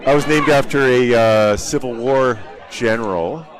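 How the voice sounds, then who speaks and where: A man's voice: medium pitch, measured pace. A man doing live bowling commentary, cracking dry jokes with his co-host. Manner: dry, joking asides. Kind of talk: live sports commentary with banter. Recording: loud bowling alley crowd. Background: crowd at a bowling alley.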